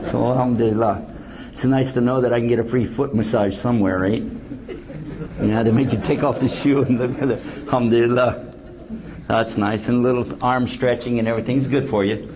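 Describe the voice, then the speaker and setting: An older man lectures a live audience in a loose, joking storyteller's manner and slips into the voices of the people in his stories. His pitch sits in the middle of the male range. The recording is dull and lo-fi, with a faint hiss underneath. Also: steady tone, fairly quick. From United States. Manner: joking, storytelling, acts out quoted dialogue. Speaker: Islamic lecturer.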